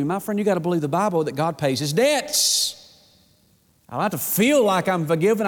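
A man preaching a sermon in a church, fervent, often acting out voices and rising to an excited pitch. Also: long reverb tail. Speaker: pastor. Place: church sanctuary.

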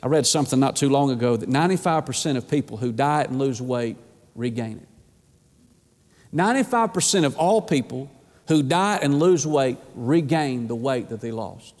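A man's voice: medium pitch, animated, moderate pace, a little mellow, in a large hall. A man preaching a sermon with passion, repeating phrases for emphasis. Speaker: pastor.

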